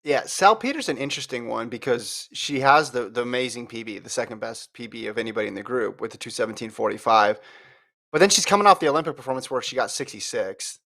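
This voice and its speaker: A man's voice: medium pitch, animated, fast talker, creaky, sharp tone. An American man co-hosting a podcast, telling stories with laughs and analysing a marathon in casual chat. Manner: laughing, storytelling. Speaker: podcast co-host.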